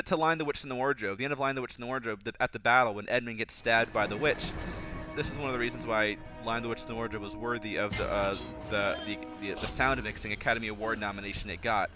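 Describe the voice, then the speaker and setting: A man giving casual film commentary, critical of the script and mocking its lines. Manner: critical, mocks dialogue in a higher voice.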